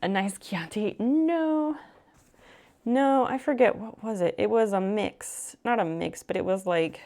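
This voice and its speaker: Sewing at home on a live stream, a woman streamer tells a long story in casual chat, full of fillers and offhand swearing. Her voice is fairly high and mellow, and her pace is measured.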